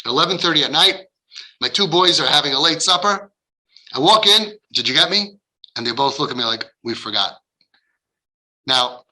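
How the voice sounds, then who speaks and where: A man's voice: fairly high pitch, bright, forceful tone, poor audio. A middle-aged man giving passionate, casual advice to parents, acting out dialogue and sprinkling in Hebrew religious terms. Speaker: parenting coach.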